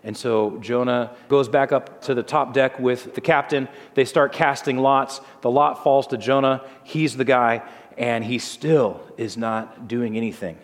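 A man's voice: medium pitch, fairly even intonation, unhurried. A male pastor preaches a sermon in a conversational, storytelling manner. He lets his voice drop for dramatic moments, and a long reverb trails each line, as in a large hall.

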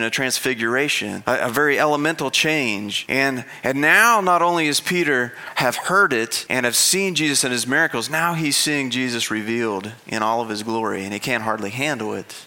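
A man's voice: medium pitch, sharp tone. A man preaching as a pastor, in an earnest, conversational sermon style with frequent restarts.

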